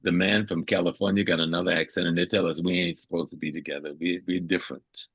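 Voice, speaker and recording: Deep husky older man lecturing. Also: level tone, fast, a bit bright, no echo. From South Carolina, USA. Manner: emphatic, repeats phrases for weight. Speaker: elder guest. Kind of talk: interview answer, lecturing.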